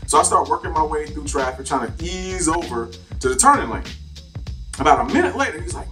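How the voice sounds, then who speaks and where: A man's voice: on the high side, brisk, distant mic, faint music behind. A man who drives for a rideshare service tells a comedic story in an exaggerated, profane way. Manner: animated, profane, exaggerated retelling. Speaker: rideshare driver telling stories.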